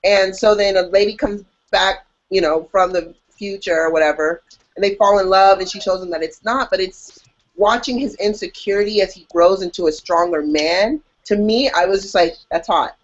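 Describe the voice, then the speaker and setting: A woman co-hosting a podcast in casual chat, animated and jokey, acting out her own reactions. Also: medium pitch, normal speed. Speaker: podcast co-host. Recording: dull lo-fi audio.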